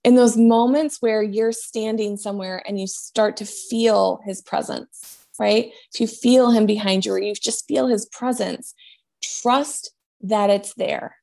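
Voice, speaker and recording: A woman giving a spiritual medium reading in a gentle, reassuring way, often trailing off and restarting her sentences. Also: mid-range voice, steady tone, measured pace, gravelly.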